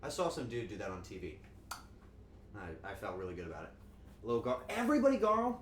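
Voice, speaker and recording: A man's voice: low-pitched, lively intonation, quick pace, slight background noise. A man chatting casually on a cooking stream, joking and rambling, and acting out quotes in goofy voices.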